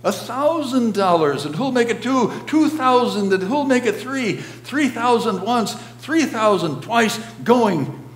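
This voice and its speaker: A man's voice: very high voice, lively intonation, slow pace, few pauses, voice pushed up, full character voice. A man voicing an eager male auctioneer who calls out bids in a raised, rising voice. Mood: calling bids. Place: church sanctuary. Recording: roomy church echo, faint hum.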